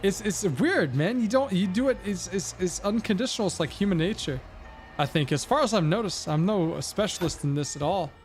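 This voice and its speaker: High-voiced man rambling to chat. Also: expressive, fairly quick, soft background music. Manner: rambling, musing, talks to chat. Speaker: gaming livestreamer. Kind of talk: casual gameplay commentary.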